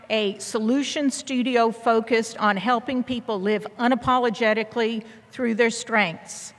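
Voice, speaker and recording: A woman's voice: fairly high pitch, a bit bright. A woman reading a formal introduction of the guest speaker at a graduation ceremony. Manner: read-aloud, formal. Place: large convention hall. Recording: long hall reverb.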